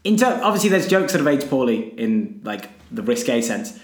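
A man's voice: mid-range voice, big pitch swings, normal speed, echoey room. A man co-hosting a podcast in casual chat, rambling and wry, often stopping to restart his thoughts. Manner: rambling, self-interrupting, wry. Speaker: podcast co-host.

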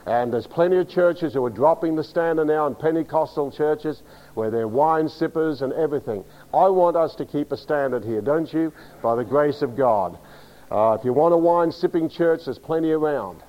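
A man's voice: fairly high pitch, animated, moderate pace, dull audio. A pastor preaching a teaching sermon, emphatic and direct, often asking his congregation to agree. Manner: emphatic, spells words out, asks the congregation.

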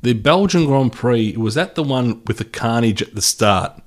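Male podcast co-host, dry wit, relaxed sports banter. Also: medium pitch, normal speed. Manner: dry, teasing asides. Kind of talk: casual sports chat.

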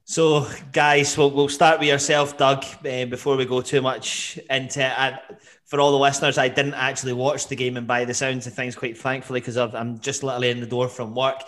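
A man's voice: mid-range voice, flat delivery, brisk, fairly bright tone. A man hosting a football podcast, chatty and jokey, with frequent fillers and restarts. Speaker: podcast host. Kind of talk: casual podcast chat.

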